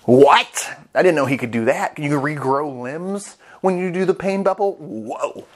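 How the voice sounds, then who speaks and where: A man reviewing a comic chapter in casual vlog commentary, rambling and excitable, swearing freely. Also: fairly high pitch, unhurried. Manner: rambling, excitable, with profanity and restarts.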